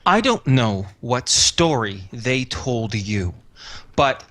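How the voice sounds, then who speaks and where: A man's voice: medium pitch, very animated, slow pace, fairly bright tone, slight background noise. Man voicing a wary woman caretaker. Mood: defensive. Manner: defensive, hesitant, restarts sentences.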